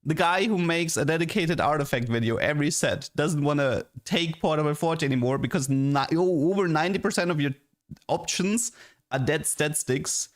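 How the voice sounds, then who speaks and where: A man's voice: a little high, moderate pace. A man streaming games and ranting in a casual, exasperated way, full of restarts and "like". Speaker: game streamer. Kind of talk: casual livestream commentary.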